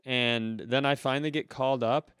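A man's voice: mid-range voice, fairly even intonation, moderate pace, a bit bright, clear, resonant tone, no room sound, clean studio sound. Rambling Midwestern man telling a story. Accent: Upper Midwest American. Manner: rambling storyteller, acts out other people's lines. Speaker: podcast co-host. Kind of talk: casual comedic chat.

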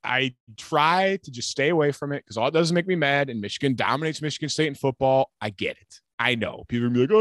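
A man's voice: medium pitch, expressive, fast, few pauses, a bit bright, dry recording, studio quality. A man co-hosting a podcast, ranting hotly and cursing, mocking others in quoted voices. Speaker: podcast co-host. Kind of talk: ranting casual chat.

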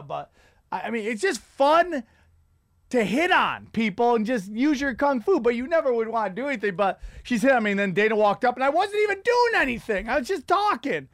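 A middle-aged man hosting a comedy podcast, ranting in a profane, rambling way with loud outbursts. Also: sits high, no echo, clean studio sound. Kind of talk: casual comedic rant.

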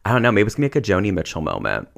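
Low-voiced chatty male therapist. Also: huge pitch swings, rapid-fire, creaky. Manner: chatty storyteller, heavy use of "like". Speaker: therapist and podcast co-host. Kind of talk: casual podcast chat.

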